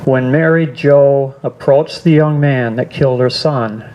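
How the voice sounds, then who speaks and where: An older man giving a personal testimony speech at a school assembly, earnest and halting, often restarting his sentences. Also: mid-range voice, lo-fi sound, slight background noise. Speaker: guest speaker.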